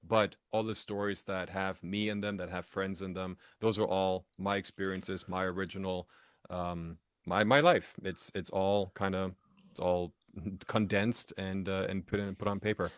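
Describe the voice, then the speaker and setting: A man being interviewed as an author, telling personal stories in a lively, animated way with frequent restarts and acted-out quotes. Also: low voice, moderate pace, clear, resonant tone, no echo, studio quality. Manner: animated storyteller who acts out quotes with many restarts. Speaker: author guest. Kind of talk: casual storytelling interview. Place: Las Vegas.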